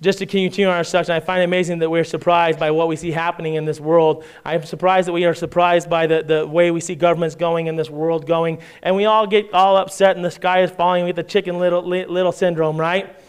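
A man's voice: fairly high pitch, level tone, quick pace, hardly any pauses, clear, resonant tone. A man preaching a sermon in a conversational way, reading scripture aloud and often checking in with "right?". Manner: conversational preaching with frequent "right?" asides and restarts; reads scripture aloud in King James style. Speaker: pastor.

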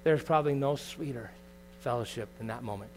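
A middle-aged man preaching a sermon as pastor, earnest and confessional, moving from quiet reflection to loud bursts. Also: mid-range voice, brisk, a little hiss or hum.

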